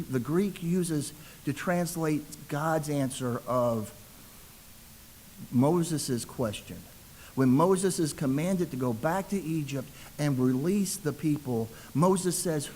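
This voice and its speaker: A man's voice: on the high side, a little mellow, a little hiss or hum, low-quality recording. A man preaching a sermon as a ruling elder, telling the story conversationally and acting out the voices in quotes.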